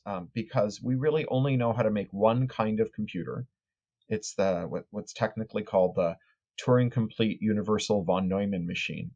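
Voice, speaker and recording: A man's voice: lowish voice, darkish tone, lo-fi sound. A man, an author and tech critic, answering podcast interview questions in long, articulate explanations with frequent small restarts.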